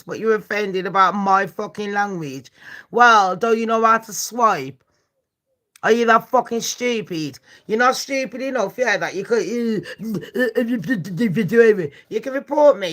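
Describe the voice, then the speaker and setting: A woman's voice: mid-range voice, fairly bright tone. Foul-mouthed woman ranting at chat. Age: 40s. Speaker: livestream host. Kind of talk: live-stream rant and true-crime chat.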